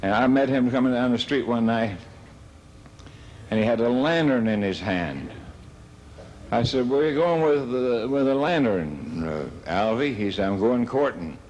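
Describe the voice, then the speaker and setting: An older man telling comic stories in a slow, halting way, stumbling and restarting his words. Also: mid-range voice, expressive, darkish tone, slight background noise. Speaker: comedian. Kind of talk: stand-up storytelling.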